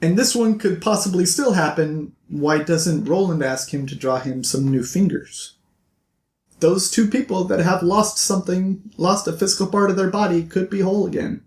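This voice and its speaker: Guy on a book channel summing up the story, upbeat and animated, slightly high voice, echoey room. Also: normal speed. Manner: animated, playful sign-off. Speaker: book vlogger. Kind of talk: casual book recap. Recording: roomy echo.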